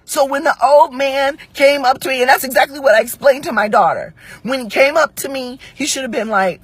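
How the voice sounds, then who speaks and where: A woman's voice: sits high, a little fast, few pauses, husky, no echo. A woman in her forties telling a story in a blunt, profane, emphatic monologue to camera. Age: 40s.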